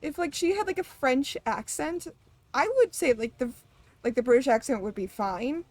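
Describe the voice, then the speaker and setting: Chatty high-voiced woman streamer. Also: normal speed, darkish tone, dry recording. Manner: rambling, laughs often, swears casually. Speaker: game streamer. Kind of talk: casual chat while gaming.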